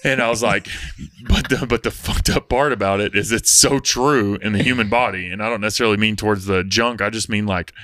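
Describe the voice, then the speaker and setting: A man's voice: lowish voice, brisk, dry recording. A young man, a gym coach, telling stories in a casual podcast chat with some swearing. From Oklahoma. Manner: animated storyteller, casual swearing.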